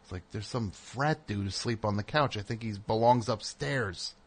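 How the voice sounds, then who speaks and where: A middle-aged man hosting a show, telling a casual story and acting out the people in it with sudden loud outbursts. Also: lowish voice, moderate pace. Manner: animated, acts out voices with loud outbursts. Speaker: host.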